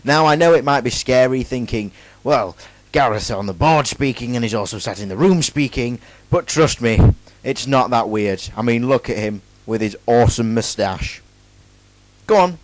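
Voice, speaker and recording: A young man talks through a school presentation in a relaxed, joking way and keeps cracking self-mocking asides between the facts. The recording is dry and close, with almost no room sound. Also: mid-range voice, no echo, rough recording. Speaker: student presenter. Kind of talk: casual jokey school presentation.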